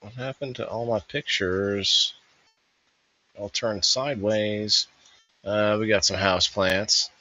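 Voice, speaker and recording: A man's voice: lowish voice, sharp tone, no room sound, highs cut off. A man hosting a casual review, thinking aloud in a rambling voice-over. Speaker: host reviewing a vendor fair.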